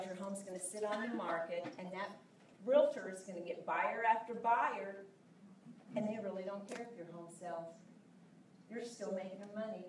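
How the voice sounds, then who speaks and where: Her voice is medium in pitch, with slight background noise, as she gives an emphatic, passionate live talk as a sales coach, acting out conversations with clients. She's in a large room before an audience, and the recording is echoey, her voice distant.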